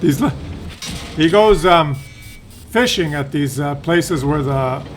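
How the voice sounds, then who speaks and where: A man with a fairly high voice rambles through stories as he plays a tank game, drifting off mid-sentence and circling back. His talk is loose and unscripted, with a faint hiss of noise in the background. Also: animated, slow pace. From Ontario, Canada. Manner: meandering storyteller, drifts off and loses his thread. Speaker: gaming channel host. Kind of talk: rambling chat while playing a tank game.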